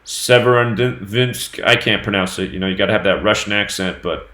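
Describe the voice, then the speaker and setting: A man's voice: low-pitched, fast talker. Man reading out numbers in an echoey room. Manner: steady running reading of dates and number sums. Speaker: host of a numerology news channel. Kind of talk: solo commentary on the news.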